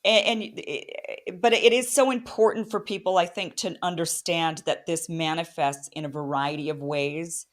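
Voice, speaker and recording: A woman's voice: fairly low pitch, fairly even intonation, moderate pace. A woman hosting an interview, speaking earnestly and reflectively. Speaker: host. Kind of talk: casual interview.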